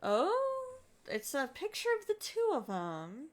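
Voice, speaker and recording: A woman's voice: high voice, wildly swooping pitch, normal speed, heavy background noise. A woman streamer giving casual gameplay commentary, chatty and reacting aloud.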